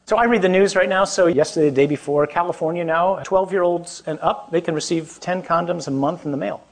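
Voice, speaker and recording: With a voice that sits high and a pace that's a little fast, a man preaches as a parish priest to young listeners. Joking and self-deprecating in a conversational way, he keeps asking the audience questions.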